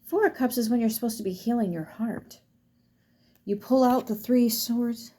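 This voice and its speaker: A woman's voice: on the high side, moderate pace, mellow. A woman giving a casual tarot reading to her viewers in a chatty way, laughing often and swearing freely. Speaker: tarot reader.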